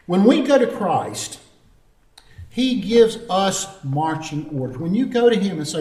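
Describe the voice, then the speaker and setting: A man's voice: sits high, very animated, a little slow, darkish tone. A man preaching a sermon as pastor, earnest and storytelling, calling for responses from the congregation. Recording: roomy echo, distant mic.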